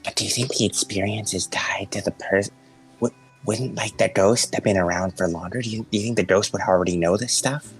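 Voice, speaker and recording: A man with a fairly low voice asks question after question at the game table and trips over his words as he goes. Soft music runs in the background. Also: brisk, slightly rough, rough recording. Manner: questioning, stammering restarts. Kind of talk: casual game chat.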